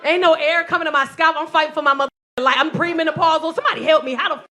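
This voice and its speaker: A woman in her forties performing a loud, animated stand-up set with crowd work, telling stories to a live audience. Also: sits high, very fast. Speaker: stand-up comedian. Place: comedy club stage with live audience. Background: audience laughter.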